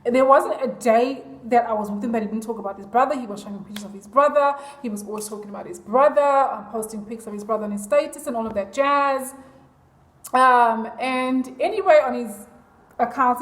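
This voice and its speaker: A woman with a high voice tells a story to her vlog audience in a chatty, confiding way. She fills it with ums and "I'm like". The room has a noticeable echo. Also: a bit bright. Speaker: vlogger.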